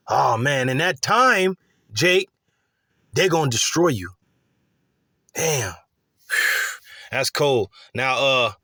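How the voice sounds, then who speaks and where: A man's voice: fairly high pitch, a bit bright, dry recording, clean studio sound. A man preaching scripture in blunt, crude street slang, heated and loose with many fillers. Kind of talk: profane street-style scripture teaching.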